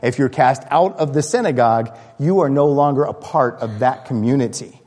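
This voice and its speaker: A man pastor preaching a sermon, lively and building with excitement, often restarting his sentences. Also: mid-range voice, normal speed, big-room sound.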